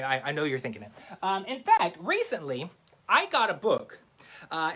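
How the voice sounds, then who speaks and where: Animated goofy man doing a kids' magic show. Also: high-pitched. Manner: goofy, playful, self-mocking, addresses kids directly. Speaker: children's magician.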